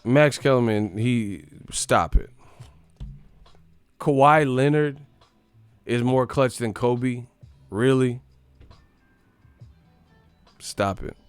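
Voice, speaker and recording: A man from the Bay Area hosting a sports live stream, ranting in a profane, animated, comedic way and laughing often. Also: medium pitch, extremely slow, pauses often, smooth, dry recording, soft background music. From San Francisco Bay Area.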